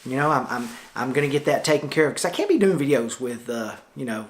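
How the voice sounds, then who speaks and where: A man's voice: medium pitch, sing-song, quick pace. A middle-aged man with a Tennessee Southern accent talks through his photography studio in a loose, chatty vlog, recorded indoors in the studio lounge on a camera-mounted shotgun mic. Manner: folksy, chatty, loose with many fillers. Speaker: photographer vlogger. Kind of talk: casual rambling vlog talk.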